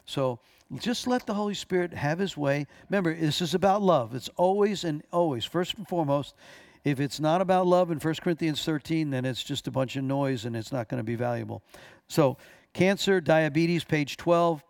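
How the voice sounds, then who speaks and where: A man's voice: on the high side, normal speed, vocal fry, a little mellow, dry recording, clean studio sound. A man teaching a church class as pastor, telling stories earnestly with frequent restarts.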